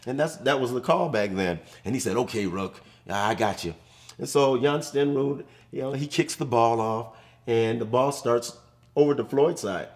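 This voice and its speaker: An older man in his sixties sits in a studio as a guest and tells football stories. He talks casually and gets animated when he acts out what people said. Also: mid-range voice, moderate pace. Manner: animated storyteller, acts out quotes. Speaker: guest, former pro football player. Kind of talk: casual studio chat, storytelling. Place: studio set.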